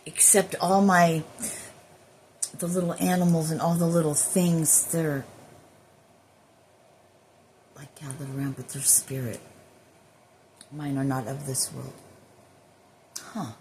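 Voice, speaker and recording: A woman's voice: low voice, level tone, unhurried, long pauses, a little mellow, a little hiss or hum. A woman who works as a spiritual healer, rambling in a casual spiritual monologue with drifting, profane asides.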